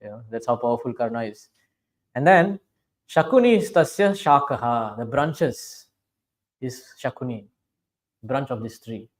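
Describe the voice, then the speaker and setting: A man's voice: mid-range voice, lively intonation, measured pace, pauses often. A man teaching a scripture class, reciting Sanskrit verses and explaining them in English, often checking in with listeners and growing fervent when he denounces critics. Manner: checks in with listeners, asking "right?". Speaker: spiritual teacher lecturing on scripture.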